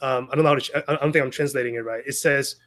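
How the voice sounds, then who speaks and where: A man with a medium-pitched, fairly bright voice keeps a steady tone while racing through his words. He's giving an informal Sunday sermon to a small gathering, talking conversationally with plenty of restarts and asides.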